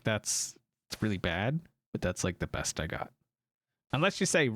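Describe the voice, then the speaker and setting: A man's voice: lowish voice, big pitch swings, moderate pace, long pauses, fairly bright tone, no echo, studio quality. An American man streaming a game, chatting casually with viewers, rambling and correcting himself as he goes. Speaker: gaming streamer. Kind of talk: casual live-stream chat.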